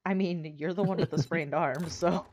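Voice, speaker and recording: A woman's voice: fairly low pitch, steady tone, a little mellow. American woman, co-op gamer host, giggly, casual banter, faint background hiss. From United States. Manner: giggly, quick to laugh at herself. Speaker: co-op game host. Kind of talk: casual gaming chat.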